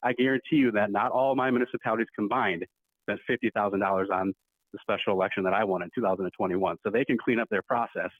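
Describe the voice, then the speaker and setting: A man's voice: fairly low pitch, fairly even intonation, quick pace, no room sound. Emphatic man arguing over a tinny line. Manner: emphatic, argumentative. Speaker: county board supervisor. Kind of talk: debate speech at a public meeting. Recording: tinny phone-like line, dry.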